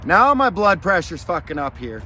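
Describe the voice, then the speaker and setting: Man, slightly high voice, angry, swearing vlog storyteller outdoors, faint traffic. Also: very animated, normal speed, bright, forceful tone. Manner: angry, profane and rambling. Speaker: vlogger. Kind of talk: casual storytelling.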